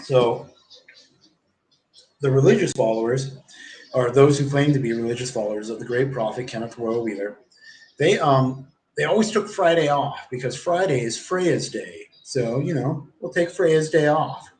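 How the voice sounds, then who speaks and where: On a livestream, a forties-aged man rambles through a lengthy story about himself, cursing a lot and performing what other people said in quotes. His voice is medium-pitched, a little mellow, at normal speed, with room echo and faint background noise.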